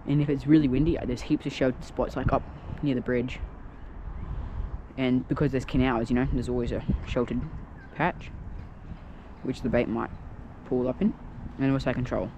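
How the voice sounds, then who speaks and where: A man casually talking through a fishing trip on the water, chatty and excitable, recorded on an action camera. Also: mid-range voice, moderate pace, background noise. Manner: chatty, excitable, thinks aloud. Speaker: fishing vlogger. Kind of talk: casual narration while fishing.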